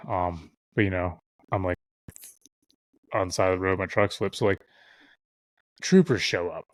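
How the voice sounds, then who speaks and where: A man's voice: sits low, normal speed, long pauses, no echo. A young man, a podcast guest, telling a long casual story, rambling and swearing often and acting out what others said. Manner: rambling, heavy swearing, acts out quoted voices.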